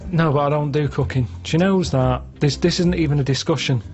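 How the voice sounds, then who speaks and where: A man in casual chat, telling everyday stories in a flat, matter-of-fact way. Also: a little high, fairly quick. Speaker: podcast regular. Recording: muffled audio with music behind.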